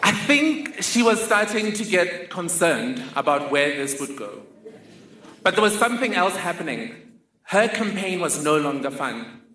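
Man, storyteller with dry humor, bright and a bit high, roomy hall sound. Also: sing-song, unhurried, a little hiss or hum. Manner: humorous, vivid personal storytelling. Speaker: speaker. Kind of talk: storytelling talk.

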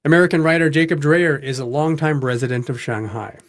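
Male radio host, measured questioning. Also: on the high side, dry recording, studio quality. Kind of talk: radio interview and show hosting.

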